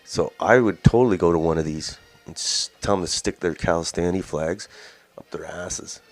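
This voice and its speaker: A man's voice: low voice, normal speed, soft background music. A Canadian man hosting a news commentary show, talking in a blunt, scornful, ranting way. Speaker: host.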